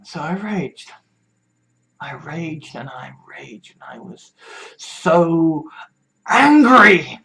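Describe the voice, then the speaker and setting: A speaker talks quietly into a vlog, stopping and restarting and repeating words. The voice sits mid-range and moves slowly, and at times it sinks almost to a whisper. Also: mid-range voice, sing-song, gravelly, low-quality recording. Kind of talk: confessional vlog monologue.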